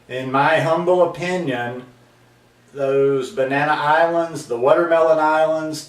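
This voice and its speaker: A man speaks straight to his viewers, earnest and rambling, full of ums and restarts as he works through his point. His voice is medium in pitch and a touch distant from the mic. The room around him rings with a noticeable echo. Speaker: vlog host. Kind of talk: casual talking-to-camera monologue.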